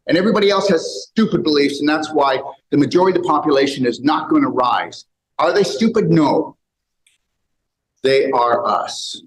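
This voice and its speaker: A man speaking to a live audience in a seminar room, preachy and animated, swinging between loud and quiet. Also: fairly high pitch, a little hiss or hum, low-quality recording. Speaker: health speaker.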